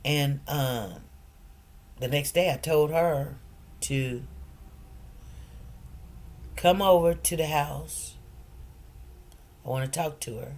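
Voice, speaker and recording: A middle-aged woman hosting a casual livestream chat. She tells stories with animated, preacherly emphasis and gets quiet and soft when things turn serious. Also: sits low, slow pace, long pauses. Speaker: livestream host.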